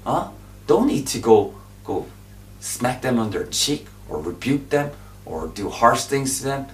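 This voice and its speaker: Man preaching, leaping from shouts to whispers. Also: mid-range voice, lively intonation, measured pace. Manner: swings between loud emphatic bursts and hushed whispers; repetitive, exhorting, drops into asides. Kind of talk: informal sermon. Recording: echoey room, voice from a distance.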